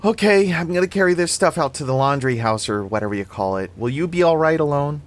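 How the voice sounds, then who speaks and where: Man doing a high, sarcastic teen babysitter, quick quips, storybook reading. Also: lively intonation, lightly acted. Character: teenage girl babysitter, wisecracking and jumpy.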